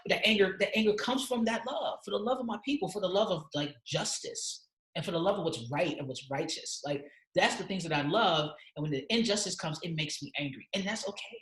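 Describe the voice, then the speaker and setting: A man's voice: high voice, lively intonation, brisk, a bit bright, roomy sound. A man speaking as a podcast guest, passionate and emphatic in casual conversation, swearing freely. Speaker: interview guest, activist.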